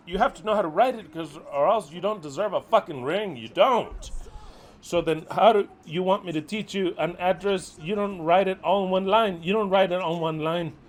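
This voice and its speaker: Speaking at a normal speed, this ministry leader, a middle-aged man, chews out his flock with exasperated profanity. His volume swings from shouting to quiet grumbling.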